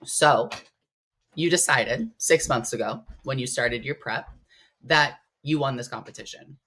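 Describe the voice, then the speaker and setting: A woman's voice: a little slow, breathy edge. A woman guest in a casual interview, telling stories with strong emotion and big swings in her voice. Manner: animated, emotional storytelling with big pitch swings. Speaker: interview guest, competitive bodybuilder.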